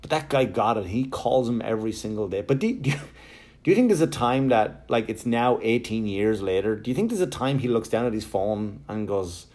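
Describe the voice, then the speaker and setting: A man's voice: on the low side, fairly quick. Man doing profane stand-up. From Ireland. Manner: animated, profane storytelling with acted-out quotes. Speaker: stand-up comedian. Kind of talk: stand-up comedy set.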